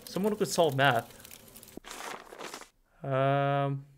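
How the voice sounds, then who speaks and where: A man giving low-key gameplay commentary, musing aloud and reading game lines. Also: very slow, a little hiss or hum. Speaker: gamer.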